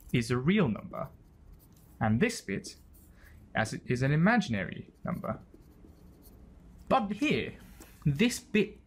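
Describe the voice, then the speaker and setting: A man's voice: on the high side, breathy edge. A man explaining a maths problem step by step, pointing at terms as he writes them. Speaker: maths tutor. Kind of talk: explaining maths while writing.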